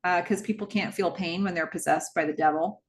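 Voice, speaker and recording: A young adult woman casually recapping a horror movie plot, slowing down for the dramatic beats. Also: fairly low pitch. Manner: expressive storyteller, slows for dramatic moments.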